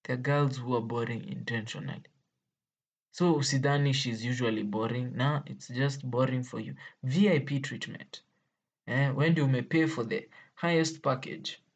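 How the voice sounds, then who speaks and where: Speaking with a husky, medium-pitched voice at a normal speed and fairly even intonation, a vlogger with a Kenyan accent shares stories with viewers. The audio is dull. The delivery is playful and full of exclamations and frequent laughter, with Swahili slang sprinkled into the English.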